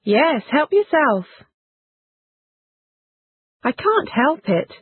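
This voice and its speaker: A woman's voice: high voice, drawn-out words, dry recording. A woman reading English example sentences for a phrase lesson. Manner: reads short example phrases, lively intonation. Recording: tinny phone-like band, dry.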